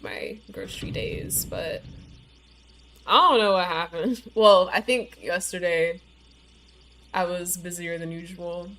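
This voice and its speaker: Against a noisy background, a woman with a lowish voice chats casually while streaming a game. She says "like" and "you know" often, and her speech is slightly slurred from a bitten tongue.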